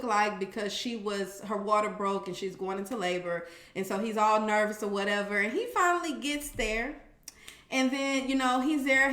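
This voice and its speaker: A woman casually recapping a reality show, animated and profane, with sassy commentary and acted-out quotes. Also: fairly high pitch, roomy sound.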